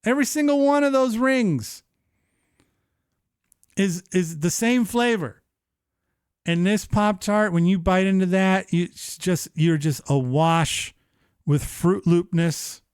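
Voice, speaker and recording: A man's voice: high-pitched, slow, pauses often, clear, resonant tone, no room sound, studio quality. A man hosting a live stream, chatting casually and animatedly, swearing and playing up his feelings. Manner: animated, profane, mock-emotional. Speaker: show host. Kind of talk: casual livestream chat. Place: streaming setup.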